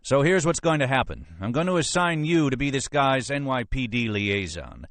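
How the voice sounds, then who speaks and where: A man voicing a blustering, suspicious police captain who talks in a gruff, pushy way, in a storybook reading. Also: medium pitch, very animated, moderate pace, a bit bright, pitched above the performer's own voice. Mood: bossy. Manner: gruff, pushy, rhetorical questions.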